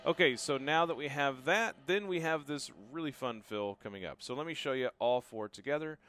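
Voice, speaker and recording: A man teaching a drum lesson, calling out each drum hit loudly and dropping to quieter, casual asides between demonstrations. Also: mid-range voice, brisk, clear, resonant tone, dry recording. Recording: loud drum kit and music behind. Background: drum kit playing.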